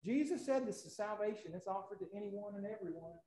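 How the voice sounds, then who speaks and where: A pastor in his forties with a high voice preaches in a folksy, storytelling way. He repeats his main points and drives his lists up to loud emphasis. The sound rings in an echoey church hall. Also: fairly even intonation, fast. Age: 40s. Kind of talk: sermon.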